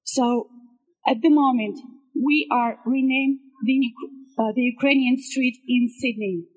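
Casting: woman, husky, higher voice, earnest rally speech with restarts. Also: fairly even intonation, slow pace, a little mellow, poor audio. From Russia. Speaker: activist speaker.

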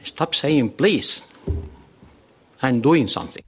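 A man's voice: mid-range voice, expressive, slow, slight background noise. A male politician speaking emphatically, piling up rhetorical questions. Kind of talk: press statement.

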